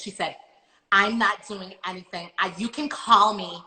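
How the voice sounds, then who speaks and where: A woman's voice: mid-range voice, unhurried. A woman hosting a casual podcast chat, telling a dramatic story with lots of swearing and quoted dialogue. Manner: animated storytelling, swearing, quoting others. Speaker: podcast host. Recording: echoey room with faint noise.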